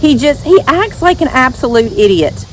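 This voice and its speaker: A woman's voice: high-pitched, big pitch swings, normal speed, a little hiss or hum, rough recording. A woman chatting casually to camera as a vlogger, outdoors at home. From Western Kentucky. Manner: chatty, talks to her dogs in a sing-song voice.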